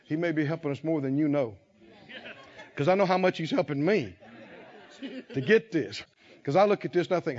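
A man preaching a sermon at a conference, telling a Bible story with rising fervor and shouted lines. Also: on the high side, lively intonation, normal speed, pauses often, muffled recording, a faint crowd. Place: church conference hall.

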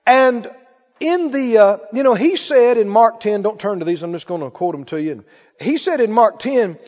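A male pastor preaching a sermon, animated, putting questions to the congregation and drawing responses. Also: high-pitched, moderate pace. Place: church sanctuary. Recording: muffled, reverberant church hall.

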